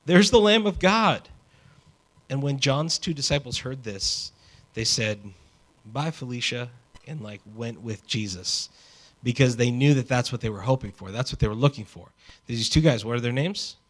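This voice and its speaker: A man preaching a sermon in a conversational, animated way, with casual asides. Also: medium pitch, moderate pace. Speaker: pastor.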